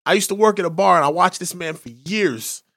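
Speaking fairly quickly in a high, slightly bright voice, this podcast co-host trades crude banter. His storytelling is loose, and he performs the quotes of the people involved.

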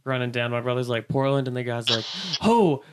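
A man's voice: mid-range voice, little pitch movement, quick pace, a bit bright, clean tone. A young man hosting a casual chat, rambling and laughing often.

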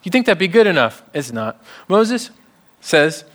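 Male preacher, conversational sermon delivery with humor, slightly higher-pitched. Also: big pitch swings, measured pace, fairly bright tone. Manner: conversational, jokes with the congregation.

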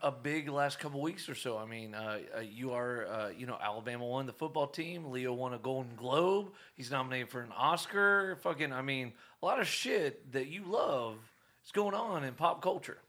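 Blunt, swearing man with a lively voice. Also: mid-range voice, moderate pace. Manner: swearing often, blunt and emphatic. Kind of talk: casual chat.

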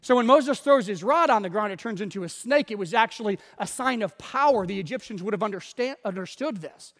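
A man's voice: high voice, animated, fairly quick, fairly bright tone. A man preaching a sermon as pastor, telling the story with animation and acting out the quotes. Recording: long reverb of a large hall.

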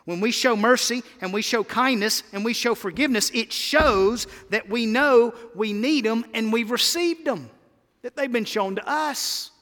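A man preaching in a church sanctuary, his voice high and bright. He leans hard on key words and keeps prompting the congregation to answer back. A long hall reverb trails every phrase. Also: a little slow. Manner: emphatic, calls for congregation responses. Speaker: pastor. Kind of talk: sermon.

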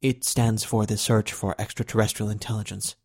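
Calm, formal male agent, read by a man, low and measured, audiobook. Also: gravelly, dry recording, studio quality. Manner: measured, respectful reporting.

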